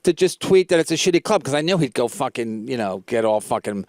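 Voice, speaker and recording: A man's voice: mid-range voice, expressive, quick pace, a little mellow, dry recording. A man, a comedian hosting a podcast, telling a rambling, profane story and repeating "I go" as he acts out both sides. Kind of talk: casual storytelling chat.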